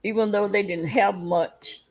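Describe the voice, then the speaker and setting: A woman's voice: mid-range voice, steady tone, measured pace, darkish tone, poor audio. A woman hosting a casual livestream chat, rambling through a story and talking straight to her viewers. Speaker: livestream host.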